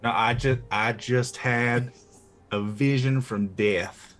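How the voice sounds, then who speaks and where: A man playing in a tabletop game, recounting things in a halting, hesitant way with restarts. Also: medium pitch, fairly even intonation, fairly bright tone. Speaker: player. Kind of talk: tabletop role-play.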